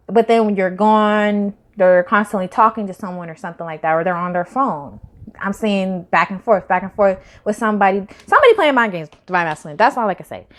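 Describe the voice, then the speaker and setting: Slangy woman giving a tarot reading. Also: a little high. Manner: slangy, rambling, swings loud and soft. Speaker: tarot reader. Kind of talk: casual spiritual reading to camera.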